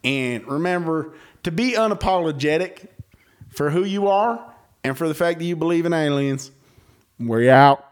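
A man co-hosting a casual chat show, talking through his theories in a loose, slangy way. His voice sits a bit high for a man, and he often slows down and lowers it when he gets serious. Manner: drawn-out, speculative storytelling with Southern slang. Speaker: podcast co-host.

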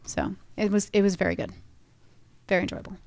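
A woman's voice: mid-range voice, very animated, fairly quick, darkish tone. A woman co-hosting a casual podcast, explaining things hesitantly with many fillers. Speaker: podcast co-host. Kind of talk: casual chat.

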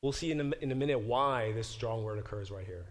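A man of medium pitch leads a classroom Bible lesson, talking plainly to his students. He often stops to question the class and corrects himself mid-sentence. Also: fairly quick. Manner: engaged, questions the class directly. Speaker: Bible professor teaching a class.

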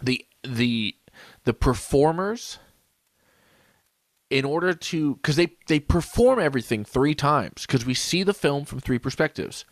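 A man's voice: on the high side, expressive, unhurried, no echo. A man co-hosting a podcast in casual chat, rambling, laughing and hiccuping after drinking. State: hiccuping, drunk. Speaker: podcast co-host.

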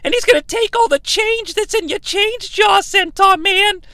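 A woman's voice: very high-pitched, slow pace, a bit bright, dry recording, full character voice. A woman voicing a melodramatic, easily panicked housewife with a breathless, exclamatory manner, in a comedy podcast. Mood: frantic. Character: fretful housewife, prone to panic.

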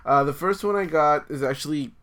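A man with a bright, clear-edged voice hosting a casual podcast. His talk is loose and easygoing, with swearing slipped into the banter. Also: a little high, fairly quick. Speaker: podcast host presenting news segment. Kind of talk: casual chat.

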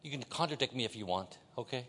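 An older man from Northern Ireland with a Belfast accent, preaching a sermon as a visiting preacher. He swings from loud exhortation to hushed confession, with joking asides. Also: mid-range voice, lively intonation, quick pace, a little hiss or hum. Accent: Northern Irish, Belfast. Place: large church auditorium. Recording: long hall reverb in a big church.

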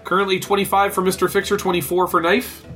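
A man's voice: high voice, flat delivery, fast, fairly bright tone, soft background music. A man running a tabletop card game, narrating the action cinematically and laughing often. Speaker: game master.

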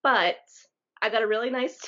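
A young woman co-hosts a podcast, telling stories with lots of laughter in a casual chat. Her voice sits on the high side with a fairly bright tone and a moderate pace. It's captured on a dull, lo-fi podcast mic.

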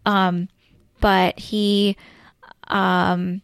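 A woman's voice: mid-range voice, little pitch movement, extremely slow, creaky, smooth, no room sound, clean studio sound. A woman in her thirties, a teacher guest on a podcast, speaking hesitantly with many ums and you-knows. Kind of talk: casual podcast chat.

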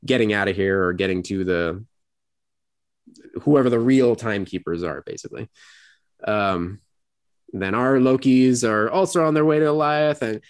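A man co-hosting a podcast, recapping an episode in a rambling casual way and acting out quoted lines in high voices. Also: smooth, dry recording, studio quality. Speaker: podcast co-host.

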